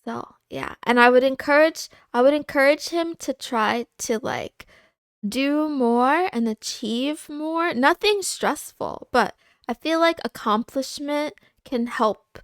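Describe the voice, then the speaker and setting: Woman streamer, high voice, dry close mic, candid rambly chat with lots of restarts. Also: no echo. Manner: halting, with many fillers and restarts; candid and confiding. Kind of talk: casual livestream chat.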